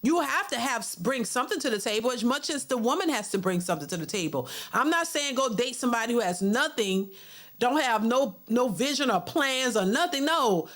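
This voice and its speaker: A woman's voice: on the high side, animated, a little fast, fairly bright tone. A middle-aged woman hosting a livestream, reading viewer super chats and giving casual, talkative commentary that often repeats words. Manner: chatty, repeats words, mimics others in a mocking voice.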